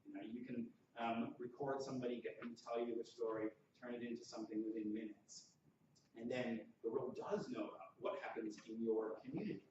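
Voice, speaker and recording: A man's voice: mid-range voice, steady tone, brisk, noisy background. A man giving a keynote speech, telling anecdotes and acting out the voices of people in them. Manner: anecdotal, acts out quoted voices. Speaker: keynote speaker and poet. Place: large conference hall. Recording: echoey hall, distant and dull.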